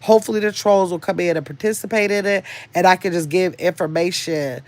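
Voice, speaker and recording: A woman's voice: lowish voice, fairly quick, a little mellow, no echo. An older woman hosting a casual livestream, chatting and rambling as she reads viewers' comments aloud. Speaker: livestream host reading chat.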